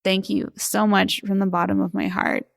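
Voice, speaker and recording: A woman's voice: medium pitch, flat delivery, normal speed, vocal fry. A woman in her thirties hosting a podcast, talking in a heartfelt, gushing way. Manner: warm, heartfelt and gushing, often near tears. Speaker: podcast host. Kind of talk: reading listener reviews on a podcast; scripted disclaimer read.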